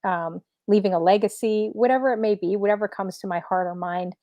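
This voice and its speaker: A woman streamer DJ as the guest in a casual interview, upbeat and chatty with many fillers, a little hoarse. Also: medium pitch, fairly quick, dark tone, no room sound. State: slightly losing her voice.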